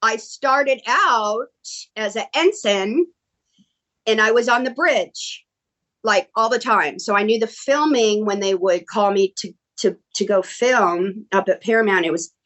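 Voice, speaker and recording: A middle-aged woman telling stories in a casual interview, animated and excitable, acting out quoted dialogue. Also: medium pitch, a little slow. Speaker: guest actress. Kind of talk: casual storytelling.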